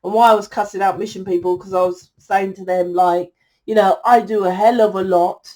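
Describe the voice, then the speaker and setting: A woman's voice: mid-range voice, steady tone, fairly quick, darkish tone. Blunt, scolding woman tarot reader. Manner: blunt, exasperated and scolding, swears freely. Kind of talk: tarot reading monologue to viewers.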